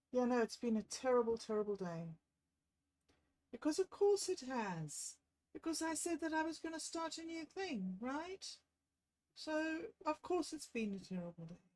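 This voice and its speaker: A woman, talking on a livestream about a bad day. She thinks aloud in a candid, self-deprecating way and sounds low and unwell. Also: expressive, measured pace, a little mellow, low-quality recording. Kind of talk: rambling personal livestream.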